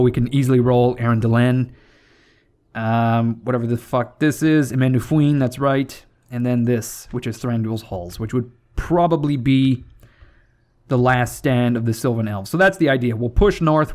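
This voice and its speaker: With a mid-range, slightly mellow voice, a young man hosts a strategy game playthrough for his gaming channel. His talk is loose and profane, wandering off track and correcting itself along the way.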